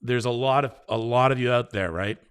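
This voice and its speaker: A middle-aged man hosting a live show, reassuring and encouraging viewers as he reads their comments and leads a slow breathing exercise. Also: medium pitch, smooth. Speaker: host.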